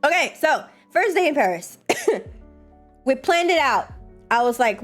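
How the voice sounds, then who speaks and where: A woman streamer chatting casually and fast, swearing a lot and answering her chat. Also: high voice, very animated, soft background music.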